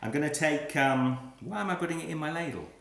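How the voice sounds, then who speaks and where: A man's voice: fairly high pitch, lively intonation, fairly quick, creaky, fairly bright tone, roomy sound. A man hosting a live cooking stream, chatting as he works and laughing at his own slip-ups, filmed on a phone on a small tripod. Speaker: cooking livestream host.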